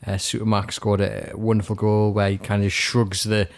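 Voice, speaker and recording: Low-voiced male interviewer. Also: completely flat delivery, normal speed, creaky. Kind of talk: interview questions.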